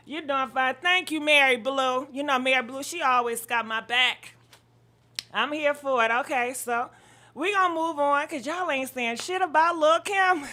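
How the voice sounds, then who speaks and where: A high-pitched woman runs a casual live-stream gossip chat. She sounds a little out of breath and swears freely. Her voice is bright and forward, and she greets commenters by name as she goes. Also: measured pace.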